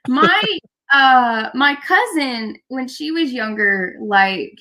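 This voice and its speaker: A woman's voice: sits high, expressive, slow, bright, forceful tone. A young woman co-hosting a casual podcast livestream, chatty and full of fillers. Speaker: podcast co-host.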